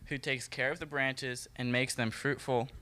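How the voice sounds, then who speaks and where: Guy teaching a bible study, laid back and jokey, clear smooth voice, mid pitch. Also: moderate pace. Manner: relaxed, joking, talks straight to the group. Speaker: youth Bible study leader. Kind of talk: casual Bible teaching talk.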